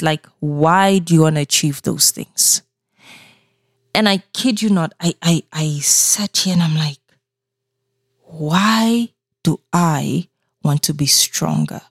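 A woman with a fairly low voice tells a personal story on her podcast. Her talk is candid and animated, full of restarts, recorded dry and close. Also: no room sound. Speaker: podcast host.

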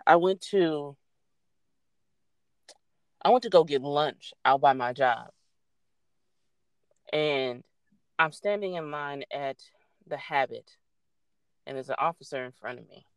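A young adult woman casually telling a story, animated and swearing freely as she acts out what people said. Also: sits low, slow pace, long pauses, clean tone, no room sound.

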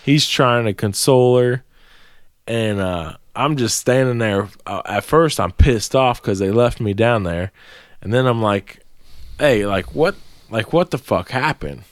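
A man with a smooth, resonant voice telling a rambling, profane story in casual podcast chat. His pitch sits in an ordinary middle range. The sound is dry and close, recorded in a small room. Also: lively intonation, a little slow, no echo. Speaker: podcast co-host.

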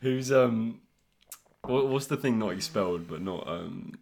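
A young man with a low, gravelly voice that crackles with fry. He chats in an easygoing way as a podcast guest, reacting with quick swears and laughs. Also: animated, darkish tone. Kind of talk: casual chat.

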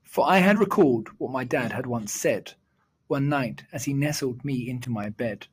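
A man reciting a rhyming children's poem in a measured, sing-song storytelling delivery. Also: medium pitch, expressive, slightly rough.

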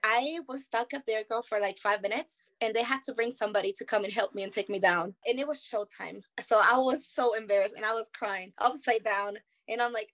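A young woman from Venezuela with a slightly high voice, chatting as a guest. She tells her stories with animation and acts out what she said at the time. Her talk is casual and chatty, and she calls the listener "girl". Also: fairly quick, few pauses, a bit bright. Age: 20s. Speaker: guest, circus performer. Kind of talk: casual storytelling chat.

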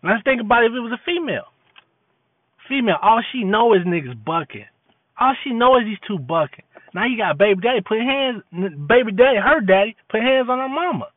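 A man's voice: very high-pitched, lively intonation, a little fast, dry recording. A man giving an impassioned, preachy monologue in street slang, repeating his points. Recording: tinny phone-like dry audio.

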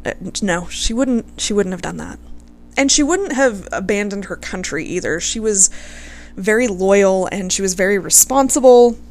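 A woman's voice: mid-range voice, lively intonation, normal speed, a little mellow. A woman casually telling a history story to her viewers, gushing over her subject, swearing freely and close to tears.

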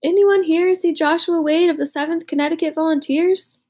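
A woman's voice: extremely high pitch, steady tone, normal speed, a little mellow, pitched above the performer's own voice. A woman voicing an earnest, anxious young boy caught up in a war, in an audiobook.

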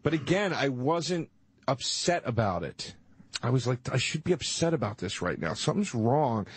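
A man's voice: mid-range voice, very animated, normal speed, slightly rough, no room sound. Man in his 30s, co-host, rambling hesitant storyteller, dry close sound. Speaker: podcast co-host. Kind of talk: casual chat.

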